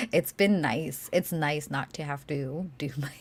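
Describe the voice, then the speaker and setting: A woman co-hosting a casual livestream Q&A, animated and brash, laughing and swearing often. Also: low-pitched, slow pace, husky. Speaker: co-host of a Q&A stream.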